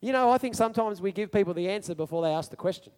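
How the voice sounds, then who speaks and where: A male preacher giving a sermon in an animated storytelling manner, asking his congregation questions. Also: high-pitched, rapid-fire, clear, resonant tone, long reverb tail.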